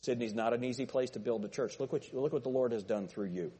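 A man's voice: mid-range voice, fast, warm tone, breathy edge. A middle-aged man preaching a folksy sermon as a pastor, joking with his congregation in a church. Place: church sanctuary.

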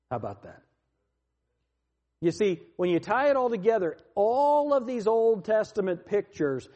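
A man preaching a Bible teaching sermon, reading scripture aloud with rising emphasis and dropping his voice low on each Selah. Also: dark tone.

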